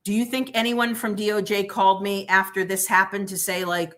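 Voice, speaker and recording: A woman's voice: mid-range voice, fairly quick. A middle-aged woman, a former prosecutor, speaking as a guest in a livestream interview, telling stories bluntly and emphatically. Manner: blunt, emphatic, animated retelling with quoted dialogue.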